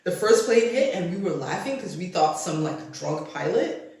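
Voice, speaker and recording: Animated woman storyteller in an echoey room. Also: lowish voice, normal speed. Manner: animated storyteller, heavy "like" filler. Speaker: podcast co-host. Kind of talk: casual chat.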